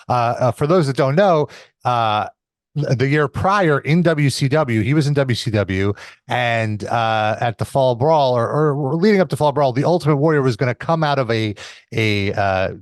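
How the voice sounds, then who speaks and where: A man's voice: medium pitch, no room sound, clean studio sound. A man hosting a casual podcast, recapping an old episode in an explanatory way, with frequent fillers and some somber asides. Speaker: podcast host reviewing wrestling episodes.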